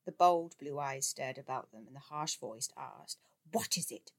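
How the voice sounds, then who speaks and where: A woman reading a literary novel aloud, expressive and shifting into voices for the characters. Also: very deep voice, moderate pace, creaky. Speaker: audiobook reader.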